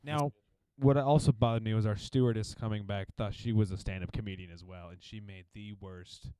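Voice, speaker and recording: A young man from Missouri co-hosting a comedy podcast, telling travel stories in a casual, animated way with mocking impressions. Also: fairly low pitch, fairly quick, clean tone, no echo.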